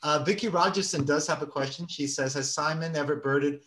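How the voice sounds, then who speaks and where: A man's voice: on the high side, a little fast, fairly bright tone. A man hosting a club meeting over a video call, reading out audience comments in a friendly, hesitant way with many fillers. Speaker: meeting host.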